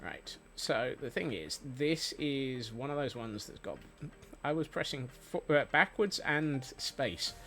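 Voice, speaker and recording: A man's voice: medium pitch, animated, takes it slowly, sharp tone. A man chatting casually while streaming a game, rambling and playful, with many fillers and restarts. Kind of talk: casual gameplay chat. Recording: faint music behind.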